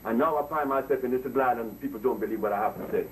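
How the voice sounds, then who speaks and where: A man's voice: medium pitch, quick pace. A man giving a public lecture to an audience, talking in an emphatic, preachy storytelling way. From Honduras. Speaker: herbalist speaker. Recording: distant mic with faint noise.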